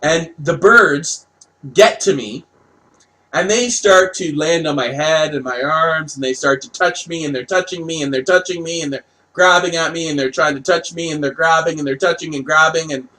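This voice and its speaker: A man from Canada casually telling a personal story, animated, laughing and swearing as he goes. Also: fairly high pitch, poor audio.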